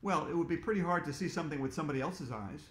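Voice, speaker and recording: A man's voice: on the high side, rapid-fire. A man, the author, reading his own book aloud to children in a playful, teasing way. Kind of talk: storytelling read-aloud for kids. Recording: roomy echo.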